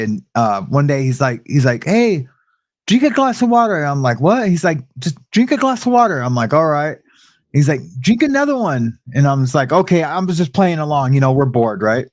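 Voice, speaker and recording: A man's voice: medium pitch, a little mellow, no room sound, studio quality. A man co-hosting a casual talk show, laid-back, laughing and acting out quoted voices in his stories.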